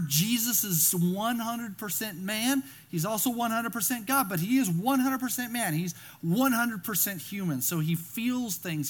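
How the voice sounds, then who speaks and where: Animated preacher with a bright voice. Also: male voice, high voice. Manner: animated, acts out scenes, repeats words and restarts. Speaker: pastor. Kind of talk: sermon.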